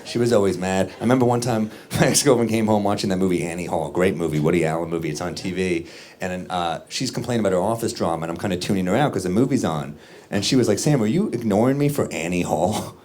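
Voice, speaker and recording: A man doing a stand-up comedy set on a club stage, dry and deadpan, with quick asides, recorded live. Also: low-pitched. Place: comedy club stage before a laughing audience. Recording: live club recording, loud crowd laughter. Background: audience laughter and room ambience.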